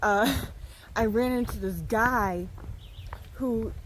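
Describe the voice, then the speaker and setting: A woman thru-hiker vlogging outdoors on a mountain trail into a handheld camera, a chatty, animated storyteller. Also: fairly high pitch, takes it slowly, a little hiss or hum. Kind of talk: casual trail vlog.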